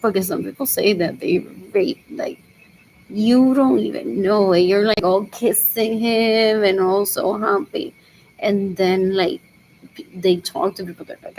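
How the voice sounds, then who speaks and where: A woman's voice: mid-range voice, unhurried, a little mellow, a little hiss or hum, low-quality recording. A young woman rambling in a solo monologue, repeating herself and muttering as if to herself.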